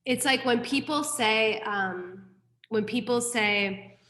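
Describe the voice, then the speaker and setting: A woman gives a Buddhist class at an unhurried pace, her voice a little high. She talks frankly and casually and drops in self-mocking asides. The room around her is echoey. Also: fairly bright tone. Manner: frank, candid teaching with mild profanity and self-deprecating asides. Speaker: Buddhist teacher. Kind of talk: dharma class lecture.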